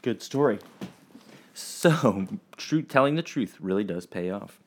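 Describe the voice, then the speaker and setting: A man teaching children, telling a story in a chatty, halting way full of fillers. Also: lowish voice, expressive, slight background noise.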